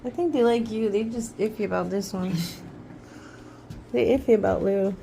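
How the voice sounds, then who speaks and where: A woman's voice: medium pitch, normal speed, vocal fry, pauses often, mellow, slight background noise. A woman playfully narrating while filming her toddler outdoors, laughing and amused.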